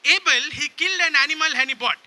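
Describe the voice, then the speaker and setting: A man's voice: very high voice, fast talker, sharp tone. A man preaching a sermon, drawing call-and-response from the congregation and repeatedly asking if they understand. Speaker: pastor.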